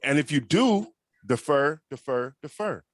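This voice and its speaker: A man's voice: a little high, lively intonation, unhurried. A man co-hosting a casual podcast chat who jokes around and echoes the host's words. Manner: joking, echoes the host. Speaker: podcast co-host.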